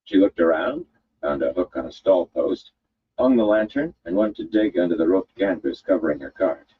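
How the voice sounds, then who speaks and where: A man reading a fantasy story aloud with expressive, measured narration. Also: low voice, breathy edge, phone-quality sound. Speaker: audiobook reader.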